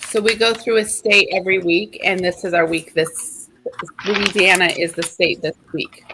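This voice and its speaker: A woman's voice: on the low side, fairly even intonation, normal speed, creaky, noisy background. A woman hosting a casual livestream, talking in an easygoing, chatty way. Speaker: host.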